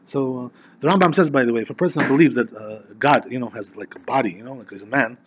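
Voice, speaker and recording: A man who is a rabbi teaching an informal Torah class, animated and constantly checking in with "you know" and "right?". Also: medium pitch, quick pace, highs cut off, noisy background.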